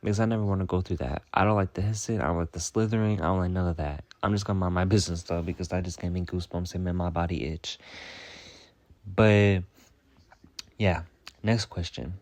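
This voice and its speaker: Low-voiced sassy profane young man. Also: fairly even intonation, a little fast, a little mellow. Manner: sassy, profane, rambling with frequent "like". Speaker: comedy character host answering viewer questions. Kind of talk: comedic storytime monologue.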